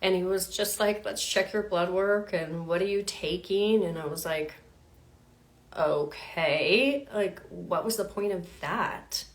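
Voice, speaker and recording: Woman health coach, storytelling, lowish voice, animated quoted bits, lots of fillers. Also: slow pace. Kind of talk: personal storytelling to viewers.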